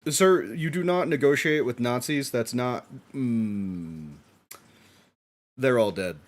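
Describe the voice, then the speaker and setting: A man streaming a live watch-along, reacting excitedly with frequent laughs and casual swearing. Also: mid-range voice, takes it slowly.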